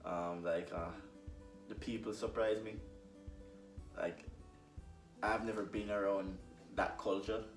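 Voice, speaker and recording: A Jamaican man from Jamaica, a guest in a casual conversation, talking in a relaxed, halting way with many fillers. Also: fairly low pitch, distant mic. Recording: echoey room, voice off-mic, faint music.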